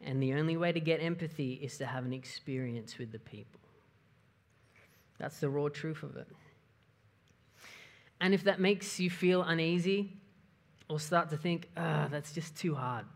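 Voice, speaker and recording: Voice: mid-range voice, moderate pace, pauses often. A pastor giving a conversational sermon, often asking the listeners questions. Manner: conversational, asks the audience questions.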